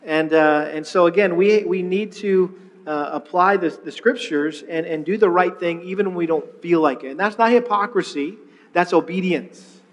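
High-voiced male pastor in a hall. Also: normal speed. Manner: conversational, repeats words while restarting. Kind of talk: sermon-style teaching on marriage.

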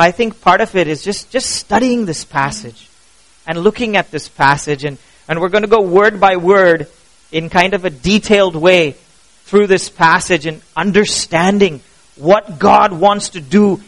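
A pastor preaching a sermon, animated and asking the congregation questions as he goes. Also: high-pitched, a little slow, rough recording.

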